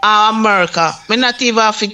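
Jamaican guy, high bright voice, lively, jumps in laughing on radio chat. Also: slight background noise. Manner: lively, laughing, quick to interject.

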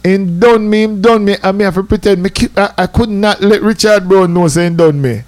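Middle-aged Jamaican man, radio host, lively raconteur, raised voice, dead-dry studio sound. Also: high voice, a little fast, no room sound. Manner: lively, chatty, full of asides like "I tell you, man". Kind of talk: casual storytelling on radio.

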